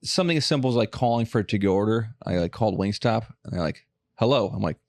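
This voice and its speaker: A man's voice: on the low side, expressive, darkish tone, no room sound. A man hosting a podcast, telling long profane stories in casual chat. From Los Angeles area. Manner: profane, fast storytelling rants. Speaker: podcast host.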